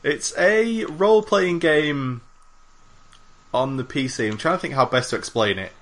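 A man's voice: on the high side, unhurried, a bit bright. A man co-hosting a podcast in casual chat, rambling and self-mocking with plenty of swearing. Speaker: podcast co-host.

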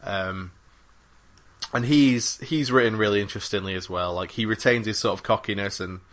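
A man's voice: lowish voice, moderate pace, fairly bright tone. A man co-hosting a gaming podcast in a casual, rambling, enthusiastic chat with plenty of fillers and swearing. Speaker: podcast co-host.

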